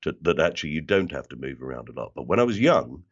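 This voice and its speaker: An older man with a London accent tells animated stories in a casual interview. His voice sits very low but swings widely in pitch, and it comes through a slightly dull, lo-fi recording. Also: fast talker, breathy edge. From South London. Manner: animated storyteller who slips into other people's voices. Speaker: interview guest, actor and voiceover artist.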